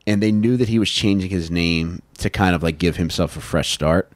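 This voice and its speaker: Deep-voiced, profane young man. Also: normal speed, no echo. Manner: profane, laid-back, laughs often. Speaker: podcast host. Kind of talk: comedic true-crime storytelling.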